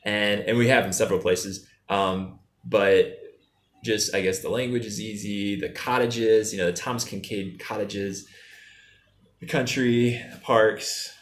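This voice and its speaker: Young man, travel vlogger, relaxed and easygoing, lower voice, echoey room. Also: measured pace. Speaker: travel vlogger answering viewer questions. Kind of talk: casual chat.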